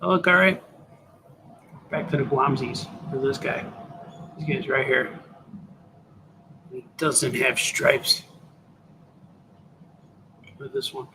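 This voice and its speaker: A man's voice: medium pitch, takes it slowly, long pauses, background noise. A middle-aged man, a cartoonist, chatting casually on a live stream while he draws, muttering to himself, trailing off and talking to his viewers. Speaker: cartoonist livestreaming while drawing.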